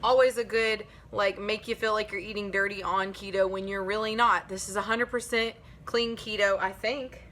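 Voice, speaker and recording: A woman's voice: mid-range voice, fairly even intonation, normal speed, few pauses, fairly bright tone, slight background noise. A woman chatting casually to her viewers in a home kitchen cooking vlog, upbeat and talking to them directly. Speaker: vlogger.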